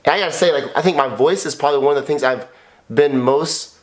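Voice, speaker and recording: This husband, a man in his thirties co-hosting a couple's podcast, talks fast in a slightly high voice. His delivery is raw and confessional, blunt and emotional, with frequent cursing and repetition.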